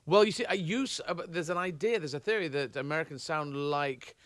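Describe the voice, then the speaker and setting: A man's voice: fairly high pitch, a little fast, a bit bright, dry recording. A man with a British accent, a guest on a radio talk show, chatting in a rambling, jokey way and often breaking off mid-sentence. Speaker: guest comedian. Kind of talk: casual radio interview.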